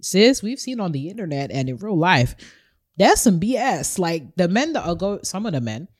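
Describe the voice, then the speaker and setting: A woman's voice: fairly low pitch, big pitch swings, moderate pace. A woman co-hosting a podcast, candid and opinionated with a wry humor. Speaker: podcast co-host. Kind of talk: casual chat.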